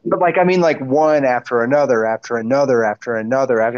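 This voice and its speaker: A man's voice: mid-range voice, fast, dry recording. Man, army veteran guest, hesitant, profane, dry room, dull lo-fi audio. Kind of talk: casual podcast chat.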